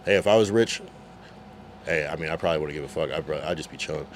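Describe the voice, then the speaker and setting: Laid-back male streamer, deep voice, reads chat aloud, faint hiss behind. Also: quick pace. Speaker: livestreamer reading chat. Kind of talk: casual livestream chat.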